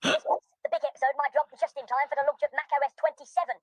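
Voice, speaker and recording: Fast, sarcastic woman voicing a grumpy listener. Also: high-pitched, fairly even intonation, dry recording, muffled recording, natural voice. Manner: sarcastic, complaining rant. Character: grumpy complaining listener persona. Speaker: listener's audio message.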